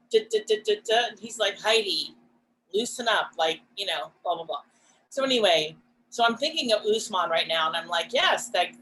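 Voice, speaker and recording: A woman co-hosting a podcast, talking in a reflective, casual way, soft-spoken and pausing often with fillers. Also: medium pitch, a little hiss or hum, low-quality recording. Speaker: podcast co-host.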